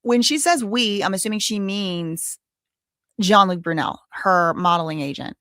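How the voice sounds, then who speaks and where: A woman's voice: medium pitch, normal speed, a bit bright, no room sound, clean studio sound. Chatty woman host paraphrasing a clip. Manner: chatty, interrupting to paraphrase and comment. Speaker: live show host. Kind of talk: live-stream commentary, reading translated subtitles aloud.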